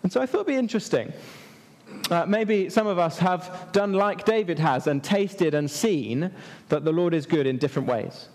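A man preaching to children in a church hall, lively and asking the kids questions. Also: high voice, normal speed. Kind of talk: children's sermon. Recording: echoey hall.

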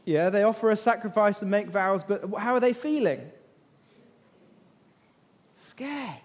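High-voiced man preaching in a reverberant hall. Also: unhurried. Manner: lively, questions the listeners and waits for answers. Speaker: preacher leading a Bible talk. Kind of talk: interactive Bible storytelling sermon. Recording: long reverb of a large hall.

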